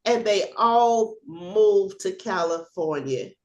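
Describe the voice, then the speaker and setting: Older woman, ex-cop, animated storyteller, video call audio, echoey room. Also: mid-range voice, slow, muffled recording. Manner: animated storyteller, acts out shouting and laughs. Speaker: retired police officer.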